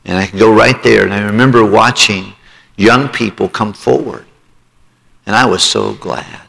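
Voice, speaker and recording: A man's voice: on the low side, moderate pace, vocal fry, fairly bright tone. A man preaching a sermon, telling his own testimony and pleading with listeners to respond. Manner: emotional testimony, rising to pleading altar call. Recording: long hall reverb.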